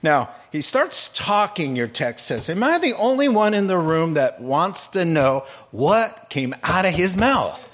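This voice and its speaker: Male preacher, higher-pitched, animated storyteller who jokes as he preaches. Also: unhurried, few pauses. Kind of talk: sermon.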